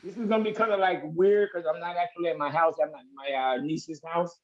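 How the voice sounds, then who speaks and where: A man with a high voice tells a rambling comic tale while doing a card trick, breaking off for asides. The sound is dull and muffled, like a video call. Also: fairly even intonation, fairly quick. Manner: chatty, rambling, self-interrupting. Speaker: amateur magician. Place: niece's house, indoors.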